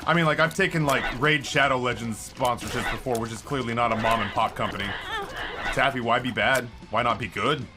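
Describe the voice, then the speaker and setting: A man's voice: medium pitch, brisk. Male streamer, loose casual chat with frequent self-corrections, over background music. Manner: rambling, self-correcting, chatty. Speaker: game streamer.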